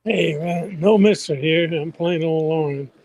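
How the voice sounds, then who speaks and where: An older Southern man calls in to a radio sports show, his voice sitting a little high. He talks in an easy, folksy way and pokes fun at himself. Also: a little mellow, poor audio. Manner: folksy, unhurried, self-deprecating. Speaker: guest golf reporter. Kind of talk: phone-in radio chat.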